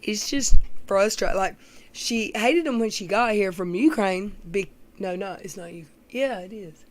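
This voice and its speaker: A woman's voice: medium pitch, normal speed. Gossipy woman streamer. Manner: gossipy, blunt, rambling, frequent ums. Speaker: livestream host. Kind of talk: casual chat with live viewers.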